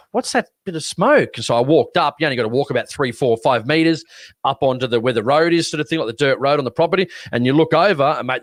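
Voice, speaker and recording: A man's voice: medium pitch, a bit bright, no echo. An Australian man co-hosting a podcast, telling a story in a rambling, casual way with lots of restarts. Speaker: podcast co-host. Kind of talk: casual chat.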